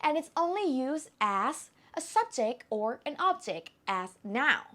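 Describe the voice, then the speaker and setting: A woman with a Thai accent teaching an online language lesson, speaking slowly and carefully and repeating words to model their tones. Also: high-pitched, very animated, pushed and bright.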